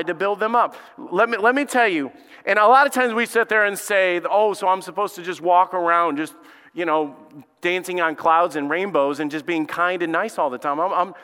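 A man preaching a sermon as pastor, telling stories and acting out quotes with animated delivery. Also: on the high side. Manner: animated storytelling, acts out quotes. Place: church sanctuary. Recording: reverberant church hall.

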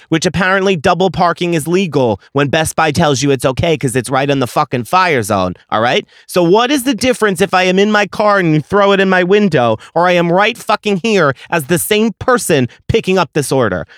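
A man hosting a podcast, telling a story as an exasperated, profane rant that swings from low muttering to loud outbursts. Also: lively intonation, moderate pace, hardly any pauses, no room sound, clean studio sound. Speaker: podcast host. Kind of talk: ranting storytelling.

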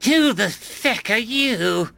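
A man's voice: sits high, lively intonation, slow, vocal fry, bright, forceful tone, dry recording, faint music behind, voice pushed up, full character voice. A man voicing a vicious serial strangler who shrieks and snarls in mocking rage. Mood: enraged. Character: vicious middle-aged male serial strangler.

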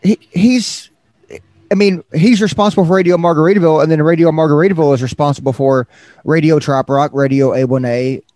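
A man's voice: fairly high pitch, steady tone, fairly quick, darkish tone, no room sound, studio quality. A man hosting a casual interview, asking eager conversational questions. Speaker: interview host.

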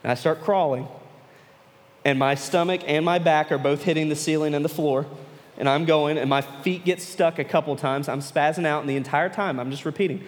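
Man, youth pastor, sermon with personal story, animated then earnest, fairly high voice, echoing hall. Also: fairly quick. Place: large room with an audience. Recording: long reverb of a large hall.

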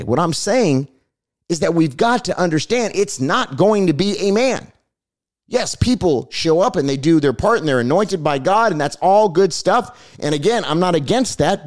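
A man hosts a Christian commentary broadcast, preaching with passion in a repetitive cadence. His voice sits high with a darkish tone.

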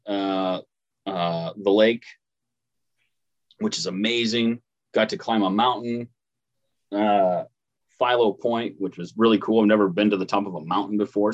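A man's voice: lowish voice, lo-fi sound. A man in his thirties with a Midwestern American accent, casually telling a travel story on a podcast and laughing easily. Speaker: podcast co-host. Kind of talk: casual chat.

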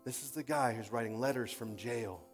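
A man preaching a sermon in an animated storytelling way, acting out quoted voices and swinging from loud bursts to quiet passages. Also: medium pitch, a little fast, soft background music.

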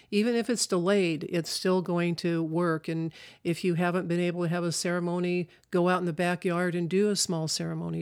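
Slow, gentle middle-aged minister. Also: medium pitch. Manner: slow, gentle and measured, with rhetorical questions. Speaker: minister hosting a spiritual podcast. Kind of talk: reflective spiritual podcast monologue.

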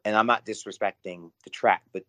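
Effusive man with a lowish voice, co-hosting a casual podcast discussion. He piles up restarts and repeated words as he hunts for the phrasing he wants. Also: fairly even intonation, fairly quick, fairly bright tone. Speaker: podcast co-host.

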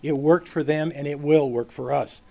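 A man's voice: fairly high pitch, steady tone, normal speed, vocal fry, warm tone. Earnest man giving formal testimony. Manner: formal, earnest, speech-like delivery. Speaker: public witness at a legislative hearing. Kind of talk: prepared testimony read at a podium.

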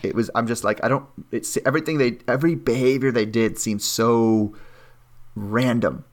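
A man co-hosting a casual podcast chat, animated and says "like" a lot, sometimes mimicking people sarcastically. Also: mid-range voice, normal speed. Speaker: podcast co-host. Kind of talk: casual chat recapping a reality show.

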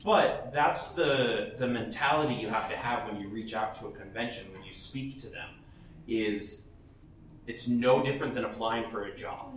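A man's voice: lowish voice, normal speed, a bit bright, slight background noise. Blunt, laughing man giving panel advice, picked up from a distance in a big echoey hall with faint ambience. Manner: blunt, chatty, laughs often, restarts sentences. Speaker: professional cosplayer speaking at a panel. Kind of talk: casual advice talk to an audience.

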